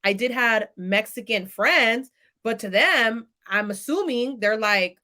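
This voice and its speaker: A woman in her thirties from California speaks as a podcast guest. Her voice is bright and clear, and she tells her story in a casual, animated way. She often acts out the lines of the people she quotes. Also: a little high, slow.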